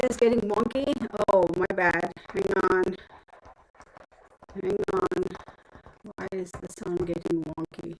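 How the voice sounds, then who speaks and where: A woman talks at an easy, slow pace, hosting a casual live stream from home. She chats to viewers and mutters to herself as she fiddles with her phone setup, her voice sitting in a middle pitch. A faint hiss runs under her voice. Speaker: livestream host.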